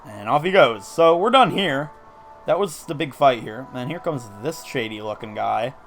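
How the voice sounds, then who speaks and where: A man talks through a video game in casual, upbeat commentary, explaining each move as he goes and poking fun at himself. His mid-pitched voice has a gravelly rasp. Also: expressive, moderate pace, a bit bright, faint music behind. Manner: upbeat and self-deprecating, explaining moves as he goes. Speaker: let's play commentator.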